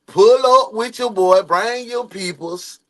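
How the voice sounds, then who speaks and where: A man giving casual, animated reaction commentary to a video, laughing and slipping into the voices of the people in the story. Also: sits high, slow.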